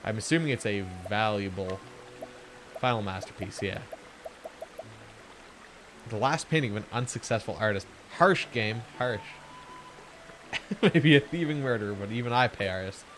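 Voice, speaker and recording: Casting: animated, wisecracking game streamer, faint music under him. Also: male voice, on the low side, moderate pace, long pauses. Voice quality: chatty, joking, self-deprecating. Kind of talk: casual gameplay commentary.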